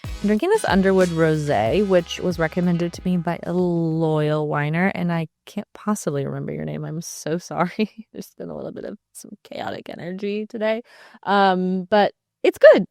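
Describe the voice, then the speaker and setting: A woman hosting her own podcast in a chatty, animated way, with jokey asides and frequent laughs. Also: fairly low pitch, normal speed, vocal fry, no room sound, soft background music. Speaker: podcast host. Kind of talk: casual solo podcast chat.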